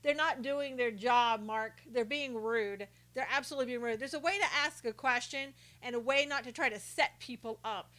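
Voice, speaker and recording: A woman's voice: a little high, sharp tone. A woman hosting a casual live stream who greets viewers by name, reads their comments aloud and talks indignantly about rude reporters.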